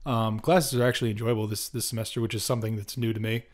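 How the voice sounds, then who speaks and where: Young male podcast co-host, casual storyteller, animated. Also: fairly low pitch, quick pace. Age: young adult. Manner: animated storyteller, acts out quotes, frequent ums and throat clearing.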